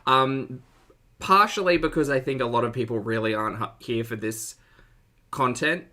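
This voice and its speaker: A man's voice: medium pitch, moderate pace, sharp tone. A man hosting a casual livestream commentary, chatty and sarcastic, laughing often and greeting his chat viewers.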